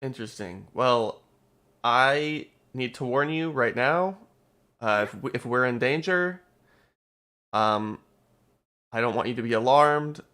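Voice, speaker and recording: A young man in a tabletop game, narrating his character's actions in a halting, casual way. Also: mid-range voice, animated, bright, forceful tone. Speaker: player.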